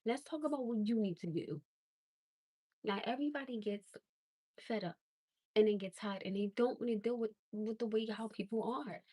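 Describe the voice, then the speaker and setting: A livestream host rants in a casual, blunt way, sounding exasperated and emphatic as her disbelief rises. Her voice is a little high, warm and husky, at a normal speed with long pauses. The recording is dry.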